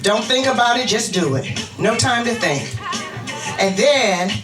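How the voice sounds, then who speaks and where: Woman minister, animated sermon, roomy church, distant mic. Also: a little high, moderate pace. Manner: animated, leads the congregation in call-and-response chants. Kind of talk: interactive sermon. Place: church sanctuary. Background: music.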